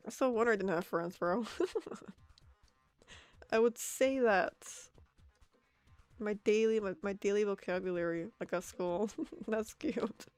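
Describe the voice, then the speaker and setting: A young woman rambles casually while she draws, laughing at herself and answering chat. Her voice sits in a middle range, close to the mic in a dry space. Soft music plays faintly underneath. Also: medium pitch, slow, pauses often, no echo. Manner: giggly, self-mocking, reads chat aloud. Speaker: art streamer. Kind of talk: casual stream chatter while drawing.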